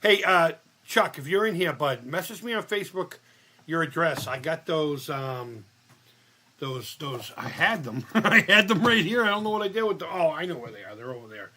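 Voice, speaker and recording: A man's voice: fairly high pitch, normal speed. A man chatting casually during a live retro game stream, swearing often and laughing at himself. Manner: profane, laughing, excitable. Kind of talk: casual live gameplay chat.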